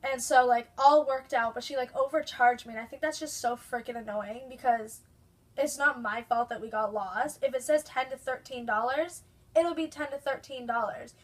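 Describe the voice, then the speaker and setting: A woman's voice: sits high, moderate pace. A young woman vlogger telling an exasperated story, full of "like" fillers. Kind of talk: casual rant to camera.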